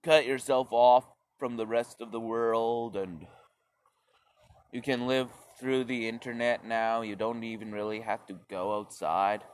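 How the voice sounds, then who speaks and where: A man's voice: medium pitch, steady tone, a little slow. A man delivering a profane, sarcastic stand-up rant, rambling and swearing often. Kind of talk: profane ranting stand-up monologue.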